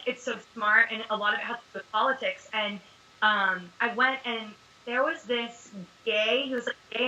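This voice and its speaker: Bright-voiced chatty young woman. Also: on the high side, poor audio. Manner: chatty, animated storyteller, many fillers. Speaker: actress being interviewed. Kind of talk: casual interview chat.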